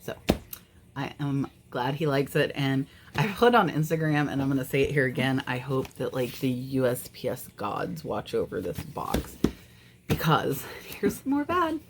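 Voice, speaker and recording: A woman's voice: extremely low pitch, sing-song, normal speed, noisy background. A woman reseller chatting casually on her vlog, frank and easily exasperated. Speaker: eBay reseller.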